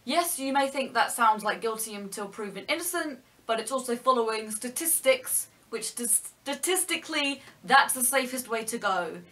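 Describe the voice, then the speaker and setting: A woman's voice: on the high side, lively intonation, moderate pace, few pauses, bright, forceful tone. A young woman vlogging her opinions, earnest and argumentative, explaining her points step by step. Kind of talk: opinion vlog monologue.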